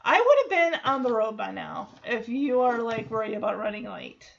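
A woman casually recapping a show, animated and often laughing. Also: a little high, moderate pace, vocal fry, dull audio. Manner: animated, laughing, acts out characters.

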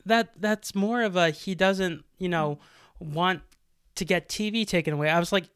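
A young man co-hosting a podcast, swapping stories in easy casual chat. He throws himself into quoted lines. His voice is smooth and clear, and the sound is dry with no room echo. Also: sits high, normal speed. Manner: animated storyteller, acts out quotes. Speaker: podcast co-host.

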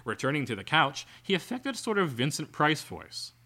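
A man's voice: fairly high pitch, wildly swooping pitch, moderate pace, bright, forceful tone. A man co-hosting a podcast, reading an article aloud and breaking off into sarcastic, exasperated asides. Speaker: podcast co-host.

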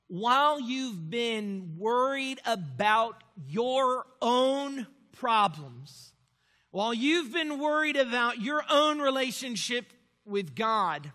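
A young man preaching a sermon, moving from quiet storytelling to loud, forceful preaching. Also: high voice. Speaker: pastor. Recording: long reverb of a large hall.

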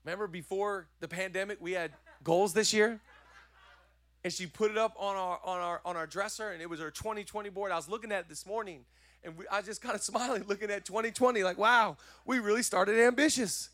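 High-voiced energetic preaching man. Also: quick pace. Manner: energetic, repetitive exhortation; chatty, joking asides. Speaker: pastor. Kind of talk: sermon.

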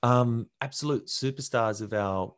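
A man's voice: mid-range voice, measured pace, no room sound, clean studio sound. A young man, an actor being interviewed, telling stories casually and acting out what others said. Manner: animated, acts out quotes from others. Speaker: actor guest.

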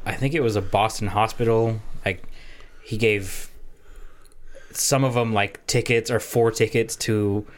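A man's voice: lowish voice, fairly even intonation, unhurried. A man co-hosting a podcast in casual chat, emphatic, swearing often and insisting on his point. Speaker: podcast co-host.

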